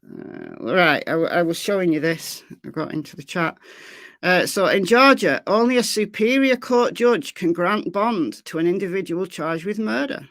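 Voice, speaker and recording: This woman's voice is on the low side and fairly bright, animated and moderately paced, with no room sound in the dry close-mic recording. A true crime livestream host from Lancashire, England, she speaks with a Lancashire accent, chatting casually with viewers, reading their messages aloud and repeating phrases.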